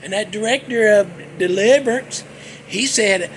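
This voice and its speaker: A man's voice: very high voice, unhurried, a bit bright, a little hiss or hum. A man, hosting a casual movie talk vlog as a folksy, joking storyteller. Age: 60s. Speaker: host.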